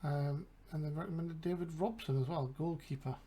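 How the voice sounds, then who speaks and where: A man's voice: a little high, brisk, mellow, husky. A man with an English accent, casually commentating a game and thinking aloud with mumbled asides. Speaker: gaming channel host.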